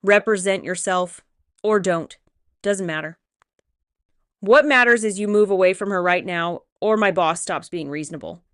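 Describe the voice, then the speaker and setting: Woman reading chicago-accent bodyguard dude, flat and unbothered, clear voice. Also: medium pitch, moderate pace, dry recording, studio quality, lightly acted. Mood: dismissive. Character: cool, armed male bodyguard.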